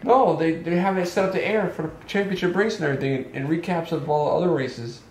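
A man's voice: a little high, fast talker. A young man grumbling at home in casual family talk, a bit sarcastic. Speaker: family member. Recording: roomy, faint noise.

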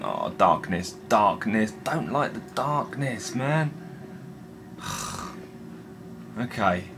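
A young man commenting on a horror game he is playing, jumpy and excitable, swearing and talking to himself. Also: lowish voice, very slow, vocal fry, noisy background. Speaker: gaming video host. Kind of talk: let's play commentary.

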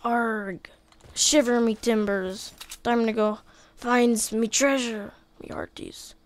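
A woman's voice: a little high, steady tone, slow pace. A woman playing a hammy pirate captain. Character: playful male pirate captain boasting.

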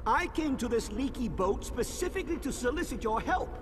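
A man's voice: very high-pitched, expressive, fairly quick. An actor playing a pushy, haughty male scientist in a video game, demanding and indignant. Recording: game audio with reverb and noise.

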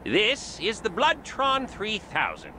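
A giggly, eager small-town coroner. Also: male voice, high voice, wildly swooping pitch, slow pace, sharp tone, slight background noise, full character voice. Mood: giddy. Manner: giggly, tacks "a who" onto words. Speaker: game character.

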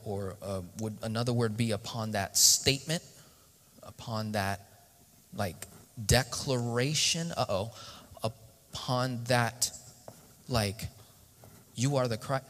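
A man's voice: medium pitch, slow, pauses often, fairly bright tone. A man giving a sermon-style teaching as a guest speaker on a church stage, often asking the audience questions. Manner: interactive, asks the audience questions. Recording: reverberant hall.

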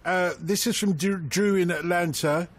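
A man's voice: sits high, fairly even intonation, normal speed. A man hosting a radio phone-in, reading out listener messages and teasing his co-hosts. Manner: playful, teasing, laughs often. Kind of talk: casual studio chat reading listener messages. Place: radio studio.

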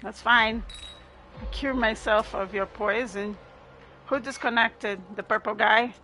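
Female streamer, bright tense voice, slow jumpy live commentary, faint game noise behind. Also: on the high side, steady tone, low-quality recording. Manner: jumpy, laughing, swearing, talks to herself. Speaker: gamer streaming gameplay.

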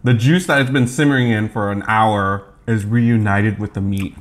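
A man with a lowish, fairly even voice talks at a normal speed while co-hosting a casual mukbang. He chats upbeat as he eats and laughs often.

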